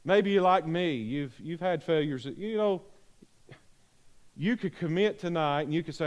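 A man's voice: fairly high pitch, measured pace. Earnest pleading male preacher. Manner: earnest, pleading, repeats phrases. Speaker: pastor. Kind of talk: sermon invitation. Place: church sanctuary.

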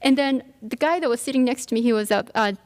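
A woman with a fairly high, darkish-toned voice talks fast while giving a workshop talk in a lecture room. She tells a personal story peppered with fillers and restarts.

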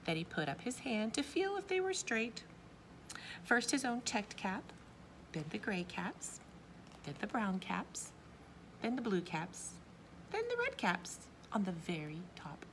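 A woman reads a children's picture book aloud with a lively, swooping voice. She speaks at a middle pitch and turns to ask her young listeners questions. A faint background hiss runs beneath her. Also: a little slow. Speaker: children's story reader.

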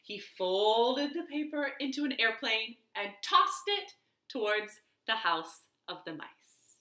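A woman librarian reading a children's picture book aloud at home, very expressive and animated. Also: on the high side, takes it slowly. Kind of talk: storytime read-aloud. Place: living room at home. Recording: echoey living room.

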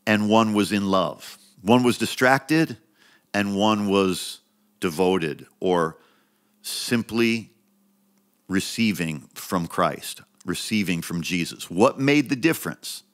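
A man preaching a sermon as pastor, conversational and emphatic, repeating phrases and climbing higher when he stresses a point. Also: slow pace. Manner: conversational preaching with frequent restarts and asides.

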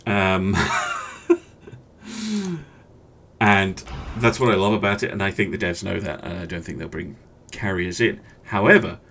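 A gaming channel host gives relaxed gameplay commentary, thinking aloud through his choices with hesitant fillers. His voice is deep, with a little hiss or hum on the recording.

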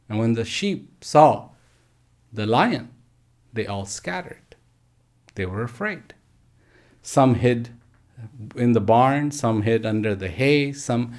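A man telling a parable and answering questions in a measured way, pausing often. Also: mid-range voice, darkish tone. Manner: slow, measured, pauses often. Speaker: speaker. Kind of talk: parable and Q&A talk. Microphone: live online stream.

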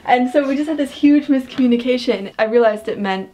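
A young woman with a Midwestern American accent tells animated stories in a casual chat. Her voice sits slightly high, and she laughs often. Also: brisk. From Omaha, Nebraska, USA. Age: young adult. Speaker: guest.

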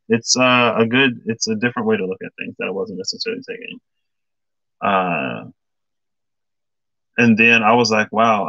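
A man's voice: fairly low pitch, pushed and bright, dry recording, highs cut off. A man giving a casual tarot reading to viewers, thinking aloud with many fillers and stopping to greet commenters by name. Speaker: tarot reader.

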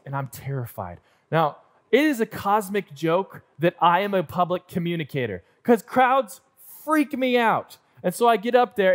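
A young adult man preaching in church, telling a self-deprecating story and acting out the scenes in an animated way. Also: sits high. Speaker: pastor. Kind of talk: sermon storytelling. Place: church auditorium.

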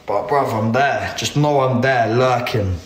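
Slow laid-back young guy. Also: mid-range voice. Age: 20s. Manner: laid-back, swearing, slangy banter with viewers. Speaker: livestream host. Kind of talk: casual live-stream chat.

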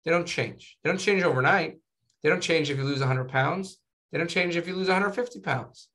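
A physician guest in a casual interview tells stories animatedly, his fairly high male voice moving briskly. He keeps tagging sentences with "right?" and "you know."

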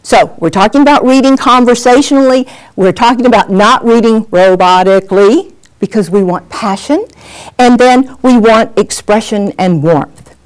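A middle-aged woman teaching a workshop on presenting on camera, animated and acting out examples as she talks. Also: on the high side, moderate pace, smooth. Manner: lively, animated, acts out examples. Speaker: on-camera skills coach. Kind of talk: workshop lesson.

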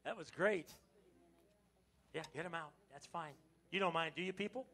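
In a church sanctuary, an American pastor preaches a lively Palm Sunday sermon, joking with the congregation and breaking into sudden loud exclamations. His voice is on the high side and slightly rough, at a moderate pace.

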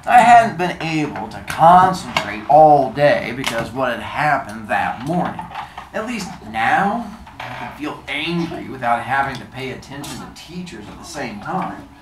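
A woman's voice: a bass voice, very animated, a little slow, noisy background. A woman teacher with the hiccups, reading a novel aloud to her class in a chatty, plain way. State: has the hiccups. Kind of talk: classroom read-aloud and discussion. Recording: echoey classroom with children's chatter.

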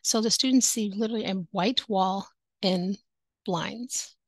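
A woman with a medium-pitched voice talks a little slowly, and there's no echo. She's an online teacher giving fellow teachers casual pointers through a headset with headphones, staying cheerful and conversational and often breaking into laughter.

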